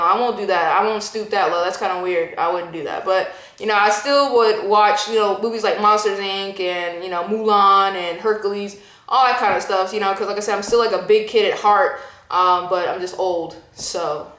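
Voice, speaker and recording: A woman's voice: medium pitch, fairly bright tone. A woman in her twenties giving a casual, rambling movie review as a vlogger, full of loose fillers. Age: 20s. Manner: rambling, full of "like" and "you know". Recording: roomy echo.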